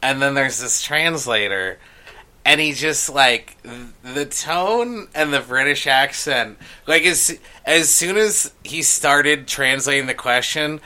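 A man hosting a casual podcast, telling stories with halting restarts. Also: mid-range voice, expressive, sharp tone. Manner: rambling storyteller, halting restarts. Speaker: podcast host. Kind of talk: casual chat.

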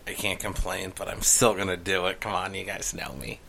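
Bright-voiced man hosting a podcast. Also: low voice, little pitch movement, vocal fry, slight background noise. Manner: rambling storyteller, halting restarts. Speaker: podcast host. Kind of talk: casual chat.

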